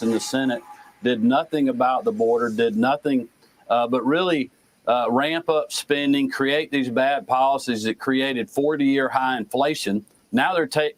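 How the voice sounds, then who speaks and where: A middle-aged man with a drawl answers a TV interviewer, pitched in an ordinary male range. He speaks deliberately, building his talking points step by step with frequent pauses. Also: slight background noise, low-quality recording. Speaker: governor being interviewed.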